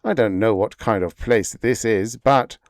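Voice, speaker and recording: A man's voice: on the low side, a little slow, dry recording, studio quality. A man voicing a tense, impatient male rocket pilot in a read-aloud story, barking and sarcastic.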